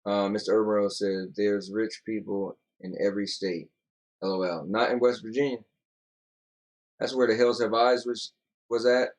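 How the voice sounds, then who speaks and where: Easygoing lowish-voiced man rambling. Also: steady tone, normal speed. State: yawning, tired. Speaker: podcast co-host. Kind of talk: casual chat reading comments.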